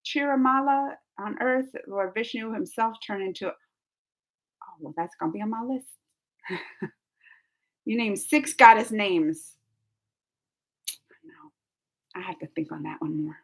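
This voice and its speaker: A woman's voice: mid-range voice, expressive, slow, pauses often. A woman hosting a casual live chat, talking in a chatty, rambling way and filling her sentences with "like.". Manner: chatty and rambling, says "like" a lot. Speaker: live-stream host reading chat.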